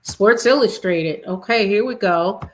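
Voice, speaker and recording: A woman's voice: medium pitch, a little slow. Chatty woman hosting a livestream. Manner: chatty, expressive, talks straight to viewers. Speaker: livestream host. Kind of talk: casual commentary chat.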